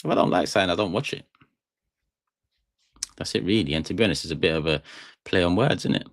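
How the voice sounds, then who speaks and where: A young man from England with a low voice talks fast while hosting a fan channel live stream from a small studio room. The recording is dry and clean as he chats to viewers casually in a rambling, jokey way, talking straight to chat.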